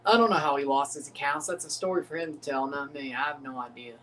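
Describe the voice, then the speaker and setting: A young man hosting a live football watchalong, calling goals with excitement and dropping into low mumbled asides between plays. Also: fast talker, a little hiss or hum. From United States. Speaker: livestream watchalong host. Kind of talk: live football reaction commentary.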